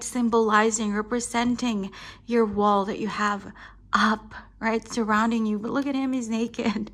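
Reassuring woman tarot reader, higher voice. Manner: affectionate, keeps saying darling and right; reassuring, laughs often. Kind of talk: tarot reading addressed to the viewer.

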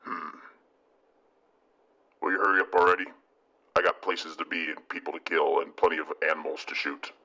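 A man playing a gruff, mumbling hunter villain in a comedy skit. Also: low voice, steady tone, normal speed, long pauses, bright, forceful tone. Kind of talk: comedy skit role-play.

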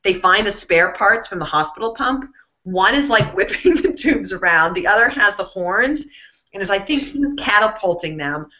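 Bright-voiced woman telling stories on a lo-fi line. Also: mid-range voice, moderate pace. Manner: animated, self-mocking storyteller. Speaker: guest author. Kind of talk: casual interview storytelling. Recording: dull lo-fi sound.

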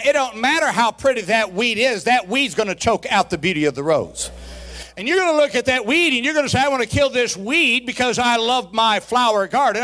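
A man with a strikingly high voice preaches in a church sanctuary. He moves between slow, drawn-out emphasis and shouted peaks, calling for responses from the congregation. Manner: folksy, humorous asides to the congregation. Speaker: pastor. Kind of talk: sermon.

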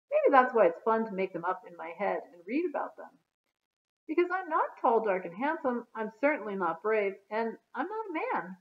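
A woman's voice: a little high, narrow, tinny audio. A woman reading the part of an anxious, timid grown woman writer in a children's storybook, voicing her fretful, groaning complaints.

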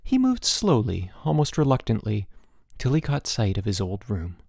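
A male audiobook narrator tells the story expressively, his pitch rising and falling in a lively way. His voice has a gravelly grain and sits close and dry. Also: moderate pace, no room sound. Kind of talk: scripted narration.

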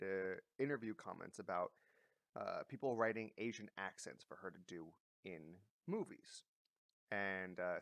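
A commentary vlogger rants casually in a fairly low male voice, recorded dry with no echo. He's blunt and swears freely, with lots of fillers and restarts.

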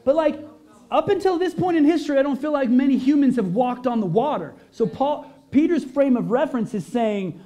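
A man's voice: very high-pitched, lively intonation, fairly quick, dark tone. A male pastor preaching a conversational sermon to a congregation, full of rhetorical questions and emphatic peaks.

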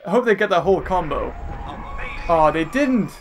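Excitable man yelling at a game. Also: high voice, normal speed. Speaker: let's play host. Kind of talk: gameplay commentary. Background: game music.

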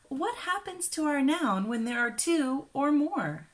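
A woman from Kansas with a Midwestern American accent, giving a careful, clearly enunciated English lesson for beginners. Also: high voice, big pitch swings, measured pace, few pauses. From Kansas, USA. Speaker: English teacher. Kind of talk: slow scripted ESL lesson.

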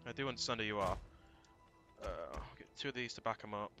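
A man thinking aloud through a strategy game, casual and prone to swearing and sudden shouts. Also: on the low side, fast talker, faint music behind. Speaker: let's play gamer. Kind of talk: casual gameplay commentary.

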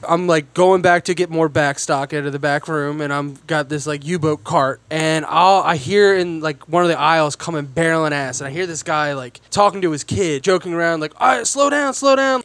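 A man's voice: a little high, fairly bright tone, no echo. A man telling a long story on a podcast in a casual, rambling, profane way, full of fillers and restarts. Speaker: podcast co-host. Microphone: podcast microphone.

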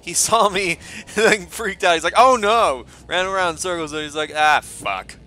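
Excitable, bright-voiced man gaming. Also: sits high, brisk, faint music behind. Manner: excitable, swears freely, mocks enemies. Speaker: gameplay commentator. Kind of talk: let's play commentary.

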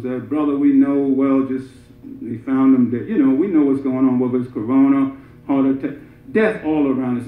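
High-voiced preacher in an echoey hall. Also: male voice. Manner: conversational, laughing asides, rising to shouted emphasis. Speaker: imam giving the Friday sermon. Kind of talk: Friday sermon. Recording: echoey muffled room recording.

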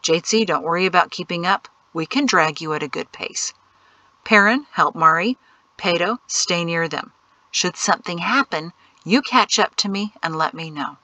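A calm, capable man guiding a family to safety, steady and reassuring in his instructions, as a woman reads him in an audiobook. The voice is bright and sits close and dry. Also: lowish voice, moderate pace, no echo, rough recording. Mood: hushed instructions.

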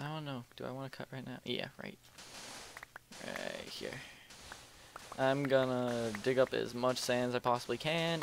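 A man's voice: medium pitch, gravelly, noisy background. A young man casually commentating his gameplay at home, rambling, joking and muttering to himself as he plays. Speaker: let's play host. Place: home room at night.

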